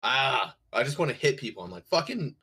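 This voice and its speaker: A man's voice: mid-range voice, expressive, a little fast, bright, forceful tone, breathy edge. A married man on a podcast talking bluntly and profanely in casual chat. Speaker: podcast co-host.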